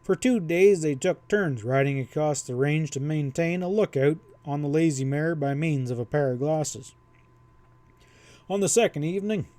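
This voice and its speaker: Brief: male audiobook reader for a western, slightly high voice, dry close recording. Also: mellow, no echo. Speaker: audiobook narrator. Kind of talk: audiobook reading.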